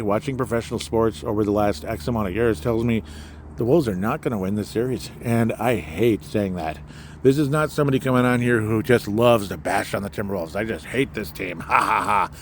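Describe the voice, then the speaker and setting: A man's voice: mid-range voice, a little mellow. A man from Minnesota hosting a solo sports podcast, rambling and sarcastic with lots of fillers, recorded outdoors by a fire pit at night. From Minnesota, USA. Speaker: podcast host. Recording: faint outdoor background noise.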